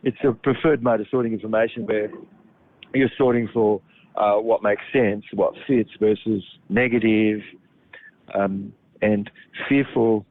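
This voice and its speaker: Low-voiced man on a tinny line. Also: fairly even intonation, a little slow. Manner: meandering, with many ums and restarts. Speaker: health talk presenter. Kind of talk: rambling monologue. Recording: tinny phone-like line, dry.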